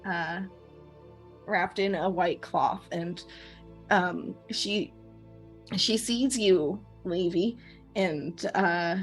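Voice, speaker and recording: A woman's voice: on the low side, drawn-out words, pauses often, soft background music. A woman narrating a tabletop game as game master, with many hesitations and ums.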